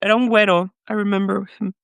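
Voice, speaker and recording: A young adult woman from Mexico, a podcast guest telling her own story in a lively way with frequent laughter, dropping Spanish words into her English. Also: medium pitch, rapid-fire, creaky, smooth, no room sound. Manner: animated, laughs often, mixes in Spanish. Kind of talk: storytelling in an interview.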